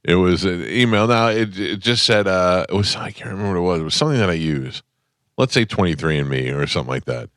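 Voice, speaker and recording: A middle-aged man co-hosting a radio show, telling stories in a halting, rambling way. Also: low voice, expressive, fairly bright tone, dry recording, clean studio sound. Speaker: radio co-host. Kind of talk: casual chat.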